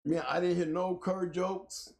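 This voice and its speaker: A man co-hosting a casual talk show, joking and teasing in slangy banter, his voice a bit rough. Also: high voice, level tone, a little slow, darkish tone. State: voice sounding rough. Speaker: co-host.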